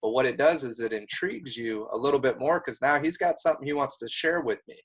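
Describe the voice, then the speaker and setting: A man's voice: medium pitch, fast, fairly bright tone, breathy edge. A man coaching a new agent, speaking in an earnest, emphatic and encouraging way. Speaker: sales coach. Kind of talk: coaching talk.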